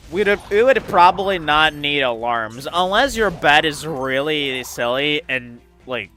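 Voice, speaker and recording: A man's voice: fairly high pitch, animated, unhurried, hardly any pauses, sharp tone, soft background music. A man chatting casually while playing a video game, rambling with lots of "like" and laughter. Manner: rambling, laughing, heavy use of "like". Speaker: gaming channel host. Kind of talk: casual let's-play commentary.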